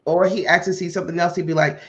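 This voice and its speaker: A woman hosting a podcast tells a personal story in a relaxed, chatty way. She slips into the voices of the people she quotes and acts out their lines with energy. The recording sounds muffled and lo-fi. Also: on the low side, quick pace. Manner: animated, acts out quoted dialogue. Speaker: podcast host. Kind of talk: casual storytelling chat. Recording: muffled lo-fi audio.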